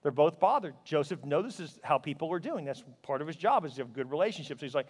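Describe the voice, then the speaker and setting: A man's voice: a little high, expressive, fast talker, hardly any pauses. A man preaching a sermon as a pastor, emphatic and exhorting, with playful asides. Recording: long reverb of a large hall.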